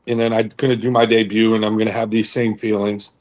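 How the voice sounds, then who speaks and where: A man's voice: lowish voice, little pitch movement, fast, a little mellow. A young man on a podcast telling a long story in a casual, rambling way, with lots of fillers and swearing. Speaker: podcast co-host, bodybuilder. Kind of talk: casual chat.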